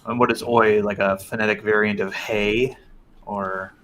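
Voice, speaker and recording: A man's voice: on the low side, flat delivery, measured pace, a bit bright, a little hiss or hum. A man joining a casual online panel chat, chatty and teasing, laughing often. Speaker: panel guest.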